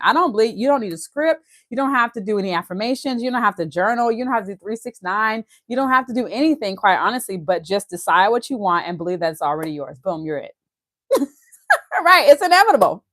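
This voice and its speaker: A woman from Louisiana with a Southern accent, reading a book aloud and breaking off to explain it in a quick, excited, emphatic way, laughing often. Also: fairly high pitch, no room sound, clean studio sound. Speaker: host reading and discussing a book. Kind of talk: casual teaching, reading aloud with commentary.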